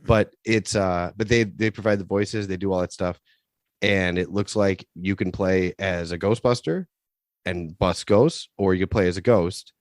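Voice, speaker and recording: Male podcast co-host, lowish and dry, halting and profane, loose casual talk. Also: fairly even intonation, no echo. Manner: rambling, halting restarts, profane. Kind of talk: casual chat.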